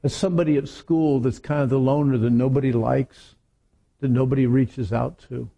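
A middle-aged man preaching a sermon to teenagers, telling stories in an animated way. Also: mid-range voice, normal speed, gravelly, dull audio. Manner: animated storytelling with acted quotes. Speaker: youth preacher.

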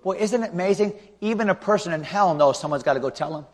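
A male pastor preaching a revival sermon with an altar call, swinging from loud shouting to hushed pleading. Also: high-pitched, fast. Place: large church auditorium. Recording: long hall reverb.

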